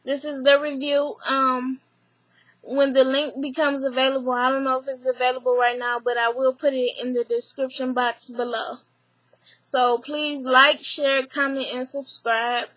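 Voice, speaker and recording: Woman vlogger, high and bright, animated and profane, recapping a TV episode from her room. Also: unhurried, no room sound. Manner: animated, profane, retells scenes in quoted voices. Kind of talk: casual spoken recap. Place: small home room with a fan running.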